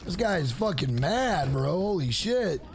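High voiced guy streaming a fighting game, lively swoopy delivery, cussing nonstop, faint music behind. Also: unhurried, creaky, slight background noise. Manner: profane, excitable, trash-talking the game. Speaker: gaming streamer. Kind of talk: casual live-stream gameplay commentary.

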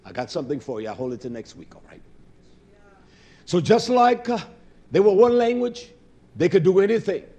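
Male preacher, sermon, high-pitched voice, fervent, alternates shouting and muttering. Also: sing-song, normal speed, long pauses, breathy edge, lo-fi sound. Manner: impassioned, swinging between loud declaiming and low muttering.

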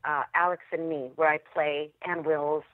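A woman actress telling stories as a podcast guest, animated and laughing often. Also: low voice, normal speed, no echo. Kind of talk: interview storytelling. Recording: dry tinny phone line.

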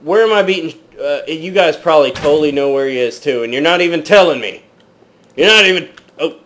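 A gaming channel host with a fairly high, a bit bright voice talks a little fast and animatedly through a let's play. He puts on a jokey mock British accent, calls his viewers "guys," and lets out startled yelps and exclamations when sudden threats appear in the game.

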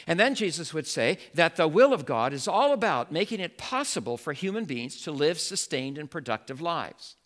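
A male pastor preaching a sermon in an animated way, building to emphatic exclamations. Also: a little high, normal speed, hardly any pauses.

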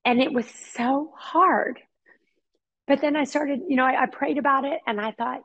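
A woman's voice: high-pitched, moderate pace, fairly bright tone. A middle-aged woman, telling a personal story as a podcast guest in an earnest, heartfelt way, often repeating words for emphasis.

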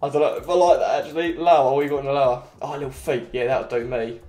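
A man giving casual commentary while he plays a video game, chatty and excitable. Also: mid-range voice. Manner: excitable, chatty, quick cries and laughs. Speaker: gaming channel host. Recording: roomy echo, faint game music.

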